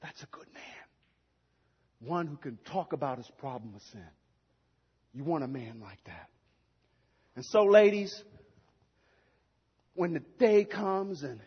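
A man preaching a sermon in a church, swinging between shouting and hushed asides and laughing at his own lines. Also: fairly high pitch, animated, slow pace, long pauses, husky. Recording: long hall reverb, dull lo-fi sound.

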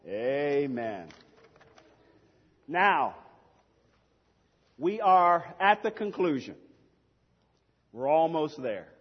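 A man preaching a sermon in a church, swinging between shouting and hushed asides and laughing at his own lines. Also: a little high, very animated, drawn-out words, long pauses. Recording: long hall reverb, dull lo-fi sound.

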